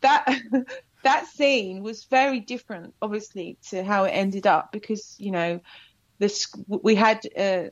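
Woman guest, chatty and animated, dry slightly muffled sound. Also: mid-range voice, unhurried, no echo. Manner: chatty, animated storytelling with laughs. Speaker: actor guest. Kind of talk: casual interview chat.

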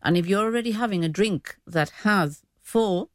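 A woman's voice: mid-range voice, normal speed, dry recording. A woman, a diabetes educator guest explaining things patiently on a radio chat, often restarting her sentences.

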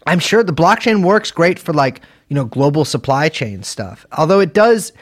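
A man with a fairly high, lively voice co-hosts a casual political podcast. He is sardonic and swears, leaping up in pitch to scoff at things. The recording is dry. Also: moderate pace, dry recording. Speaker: podcast co-host.

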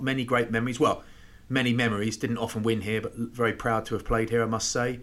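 A man, former rugby player, co-hosting a podcast and telling stories in lively casual chat. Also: mid-range voice. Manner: animated anecdote telling with quick voice impressions.

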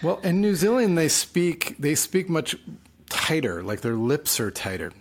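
A sleepy man talking casually late at night as a podcast co-host, halting and trailing off. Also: a little high, big pitch swings. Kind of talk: casual chat.

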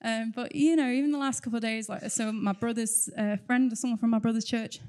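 Chatty woman, higher voice. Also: steady tone, fairly quick, a little mellow. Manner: chatty, fills silences with talk; earnest and heartfelt, with light laughter. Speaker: church member sharing testimony. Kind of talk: personal testimony talk.

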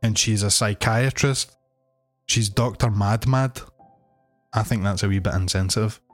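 A man with a fairly low voice talks through films in relaxed podcast chat. He is measured and easygoing, pausing on fillers, with faint music underneath. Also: no room sound. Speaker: podcast co-host. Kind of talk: casual chat.

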